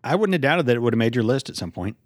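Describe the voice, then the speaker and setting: A man's voice: medium pitch, very animated, racing, no echo, studio quality. Joking man hosting a podcast. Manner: joking, playful, acts out silly scenes. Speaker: podcast host. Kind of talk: casual chat.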